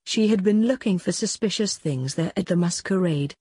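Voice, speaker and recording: A woman narrating a story aloud in an even, unhurried way, with a husky voice. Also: lowish voice, dry recording, clean studio sound. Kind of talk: storybook reading.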